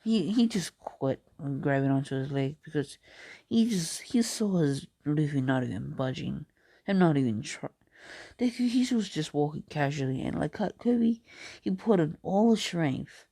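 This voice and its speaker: Guy slowly telling his own fan story, gravelly voice, super dry close sound, keeps restarting. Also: on the high side, animated, mellow, no echo. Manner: halting and rambling, with many restarts. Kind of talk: improvised casual storytelling.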